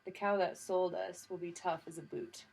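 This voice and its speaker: A woman reading an audiobook voices a gruff older male soldier who scolds bluntly in a heavy regional brogue. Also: lowish voice, steady tone, normal speed, darkish tone. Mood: dry. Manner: thick regional brogue, laid on heavily.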